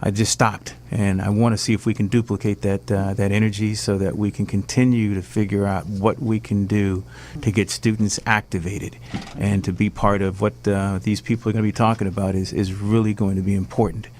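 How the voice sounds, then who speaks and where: A man whose voice is hoarse from losing it, talking excitedly as a guest on a talk show and rambling through many fillers. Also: on the low side, brisk, hardly any pauses, slight background noise. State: hoarse, lost his voice. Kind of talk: casual chat.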